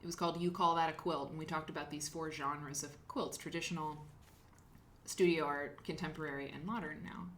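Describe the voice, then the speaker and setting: A woman's voice: sits low, steady tone, fairly quick, a bit bright, slight background noise. Chatty woman hosting a live stream. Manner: chatty, rambling, reads chat names aloud. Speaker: host of a live quilting show. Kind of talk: casual livestream chat.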